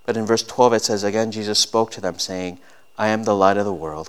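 A man's voice: on the low side, fairly even intonation, brisk, smooth. A man in his thirties preaching a sermon as a pastor, earnest and rising to emphatic peaks.

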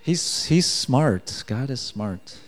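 A man preaching a sermon in a relaxed, conversational way, joking and chuckling as he talks. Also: medium pitch, slow pace.

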